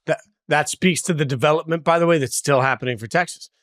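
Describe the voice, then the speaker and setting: A man's voice: fairly high pitch, fast, fairly bright tone, dry recording, studio quality. A man co-hosting a sports show, debating emphatically and repeating phrases as he makes his points.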